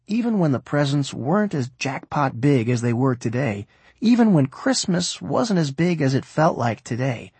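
An expressive male audiobook narrator with a husky, breathy voice at a middling pitch. He reads a story and slips into the characters' voices. The sound is dry and close, with no room echo. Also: moderate pace.

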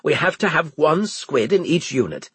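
Snappy male officer, higher voice, husky, orders clipped and sharp, reader voicing him. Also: very animated, normal speed, dry recording, heavily acted. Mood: snappish.

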